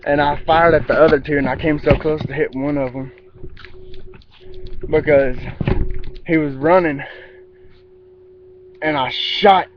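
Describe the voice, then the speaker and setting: A man's voice: a little high, steady tone, a little slow, long pauses, background noise. A man telling a rambling story outdoors in casual vlog style, with restarts and mimicked sound effects. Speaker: vlogger. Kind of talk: casual spoken anecdote. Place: outdoors in a yard. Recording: dull lo-fi with faint outdoor ambience.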